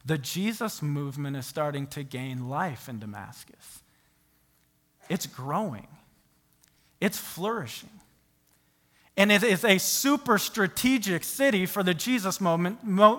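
A man preaching a sermon, telling the story with animated rhetorical questions to his listeners. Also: sits high, unhurried, long pauses. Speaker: pastor.

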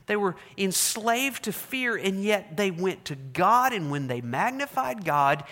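A man preaching a sermon as pastor, swinging between quiet, low lines and loud, raised cries when voicing prayers. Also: in a large hall. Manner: preaching with dramatic voiced prayers, rising and dropping loudness.

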